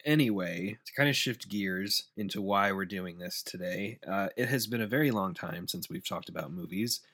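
A man co-hosting a casual podcast about movies, playful and quick to laugh. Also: low-pitched, fairly bright tone, no room sound, clean studio sound. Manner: laughs often, loose and playful. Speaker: podcast co-host. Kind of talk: casual chat.

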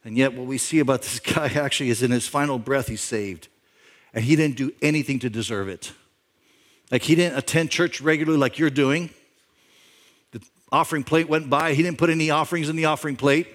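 A man's voice: fairly quick, a bit bright. Man preaching in a storytelling way. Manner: conversational storytelling, imagining a backstory aloud; rises in pitch and volume for emphasis. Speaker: pastor. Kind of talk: sermon.

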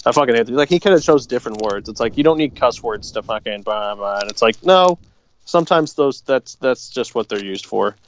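A man's voice: medium pitch, expressive, a little fast, highs cut off. A man co-hosting a casual sports podcast, talking in a rambling, profane way with plenty of fillers. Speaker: podcast co-host.

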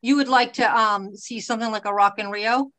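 A friendly woman in her fifties hosts a podcast. She talks in an upbeat, chatty way, and her voice sits a little high. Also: fairly even intonation, brisk, bright, forceful tone, no room sound. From Boston, USA. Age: 50s. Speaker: podcast host. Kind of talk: podcast intro and interview.

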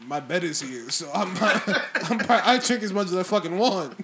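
A man's voice: high-pitched, expressive, a little fast, crowd noise. A man hosting a podcast, joking and laughing in casual, profane banter with friends at home. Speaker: podcast host. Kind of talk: casual chat among friends. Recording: noisy home recording.

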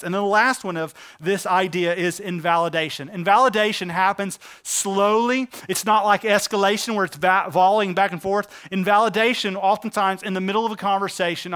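Bright, clear-voiced male preacher. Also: high voice, fairly even intonation. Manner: earnest preaching with emphatic slowed phrases. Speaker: pastor. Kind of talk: sermon.

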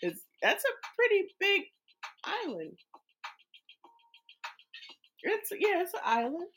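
A woman's voice: very high-pitched, huge pitch swings, slow, a bit bright, soft background music. An American woman chatting casually as a co-host, rambling and laughing easily. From United States. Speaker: co-host answering a chat. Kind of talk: casual chat. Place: home, on the East Coast.

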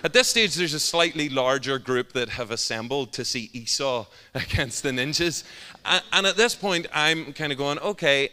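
A man with a Northern Irish accent preaching a sermon through a funny, animated personal story. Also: mid-range voice, normal speed. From Northern Ireland. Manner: humorous and animated, often laughing at his own story. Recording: long hall reverb.

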